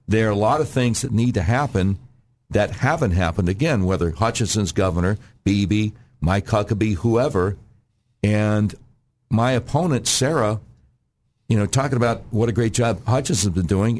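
A man guesting on a radio talk show as a candidate, making an emphatic campaign pitch and often clearing his throat. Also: normal speed, darkish tone.

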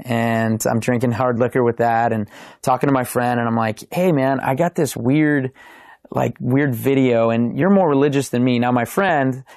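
A young man, a podcast guest, telling his faith testimony in a casual, animated way, acting out the lines of the people in his story. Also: medium pitch, dry recording, clean studio sound. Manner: animated, acts out quoted dialogue.

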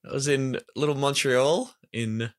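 A man co-hosting a casual comedy podcast, animated and jokey, swearing freely. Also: medium pitch, unhurried.

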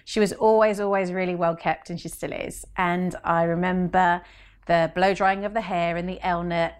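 A woman's voice: on the low side, fairly even intonation, moderate pace, clean tone. A woman, a guest in an interview, telling chatty stories and acting out quotes. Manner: chatty storytelling, acts out quotes. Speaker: guest, brand consultant. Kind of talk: conversational interview.

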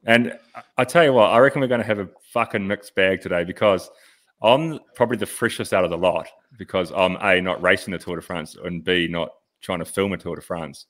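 Brash, low-voiced podcast host. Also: male voice, fairly quick, a bit bright. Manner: brash, sweary banter. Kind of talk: casual podcast chat.

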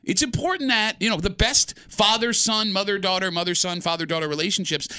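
Radio host guy, bright voice, ribbing his cohosts, dry close mic. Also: sits high, brisk, clean tone, dry recording. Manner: blunt, teasing, lively delivery. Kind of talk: morning radio banter.

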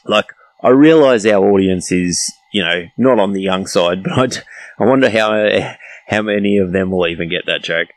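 Low-voiced New man, easygoing podcast co-host, laughs at himself. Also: normal speed, dry recording, low-quality recording. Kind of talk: casual chat.

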